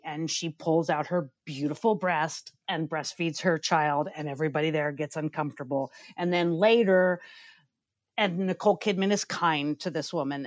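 A woman's voice: lowish voice, no room sound. A woman co-hosting a podcast, giving blunt, profane, opinionated reviews in casual chat and ranting with bursts of laughter. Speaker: podcast co-host.

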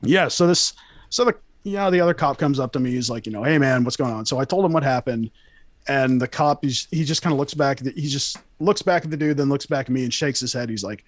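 A man's voice: mid-range voice, quick pace, no room sound. A young man telling a story casually, rambling and swearing with many fillers and restarts.

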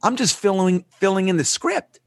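A man's voice: high-pitched, moderate pace, no room sound, clean studio sound. A man telling a story as a podcast guest, acting out the dialogue with animation. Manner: animated storyteller who acts out quoted dialogue.

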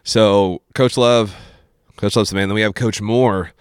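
A young man with a very low voice tells casual stories as a podcast guest. He acts out other people's lines and keeps saying "dude," and the sound is dry and close. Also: a little slow, smooth, no echo. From Appalachian Kentucky. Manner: animated storyteller who acts out quotes, says dude a lot. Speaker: podcast guest, former high school teacher. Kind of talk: casual storytelling chat.

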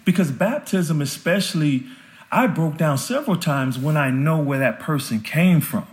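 A man's voice: on the high side, expressive, normal speed. A man guest on a podcast interview, talking earnestly and with heartfelt fervor.

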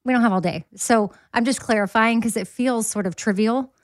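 A woman's voice: on the high side, brisk, no echo, studio quality. A woman co-hosting a podcast in casual chat, upbeat and matter-of-fact. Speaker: podcast co-host.

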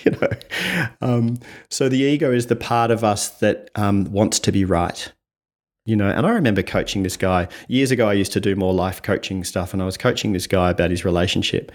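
Male coach guest, fairly low voice, patient explainer who checks in with "right?". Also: brisk. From Australia. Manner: explains step by step, often tags with "right?", animated when acting out examples. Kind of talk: explanatory interview talk.

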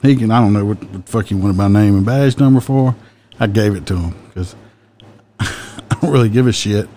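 Man, police officer, casual storytelling, blunt and profane, low mellow voice. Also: normal speed, slight background noise. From American South. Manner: blunt and profane, with an easy drawl.

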